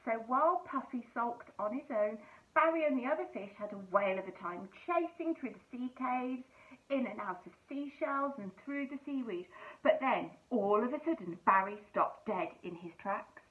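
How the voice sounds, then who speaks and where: A woman teacher reading a picture book aloud to children, animated and asking them questions. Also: a little high, moderate pace. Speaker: primary school teacher. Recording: tinny phone-like sound.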